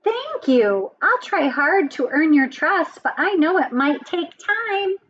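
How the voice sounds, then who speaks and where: A woman voicing a prickly but gentle porcupine who talks in a reassuring, earnest way. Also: extremely high pitch, big pitch swings, slow pace, dull audio, slight background noise, pitched above the performer's own voice, full character voice.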